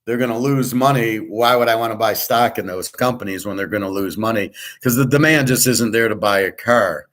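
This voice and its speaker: A man with a fairly low voice rants his way through casual commentary. He is blunt and profane and opinionated, and he talks in a loose, rambling way. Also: fairly quick, few pauses, fairly bright tone. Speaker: host.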